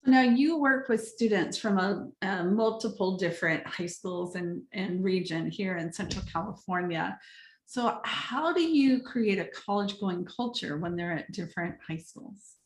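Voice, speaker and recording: A woman hosts the interview, asking questions and putting in short affirmations. Her mid-pitched voice sits in a roomy, echoey space with a faint hiss behind it. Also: a little slow. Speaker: interviewer, host.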